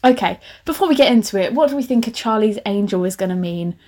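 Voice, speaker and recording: A woman's voice: medium pitch, expressive, fast, dark tone. A young woman hosting a podcast, chatting sarcastically and rambling with frequent laughing asides. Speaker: podcast host. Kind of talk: casual comedic reading commentary.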